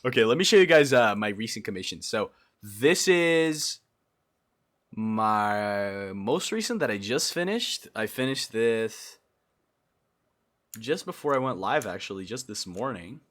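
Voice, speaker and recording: A young man from Brazil chatting casually on a livestream, excitable and jumping between loud outbursts and low mumbles. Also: measured pace. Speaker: streamer.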